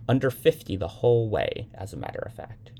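A man voicing a cool, unbothered young woman on the phone, calm and faintly weary. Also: fairly low pitch, brisk, vocal fry, slight background noise.

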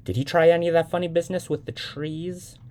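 A man's voice: on the high side, steady tone, fast talker, a little mellow, voice pushed up, close to an everyday voice. A man voicing a fretful, nagging middle-aged mother on the phone, pressing her questions insistently. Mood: anxious.

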